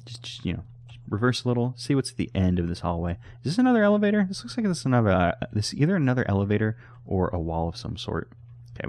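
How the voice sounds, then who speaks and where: A man's voice: low-pitched, a little mellow. A man giving casual, rambling commentary on a horror game, often correcting himself with a wry tone. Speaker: let's play host.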